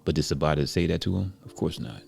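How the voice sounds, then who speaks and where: A man narrates a story in a relaxed, reflective, conversational way. His voice is very low and heavily gravelly, with a dark, mellow tone. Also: fast, soft background music. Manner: relaxed, reflective, many "you know" fillers.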